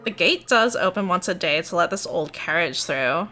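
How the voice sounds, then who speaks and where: A woman's voice: on the low side, lively intonation, normal speed, bright, forceful tone, soft background music, voice pushed down. A woman putting on a chirpy Valley Girl. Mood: breezy. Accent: American Valley Girl.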